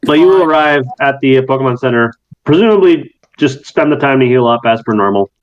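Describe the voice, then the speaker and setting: A man's voice: medium pitch, expressive, fairly quick, slight background noise. A man narrating as game master, loose and chatty, with plenty of fillers, on slightly muffled audio.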